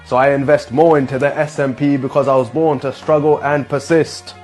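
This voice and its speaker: A man's voice: mid-range voice, level tone, a little fast, darkish tone. Man, solemn, preachy, mock motivational, music underneath.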